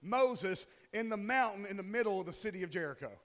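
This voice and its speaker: In a church sanctuary with long hall reverb, a pastor in his forties delivers a casual, joking sermon, often posing questions to the congregation. His voice sits high and sounds expressive, brisk, and a bit bright.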